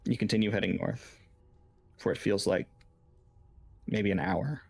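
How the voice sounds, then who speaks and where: A man's voice: lowish voice, measured pace, creaky, darkish tone, breathy edge. A man narrating as game master in a tabletop game, loose and full of fillers.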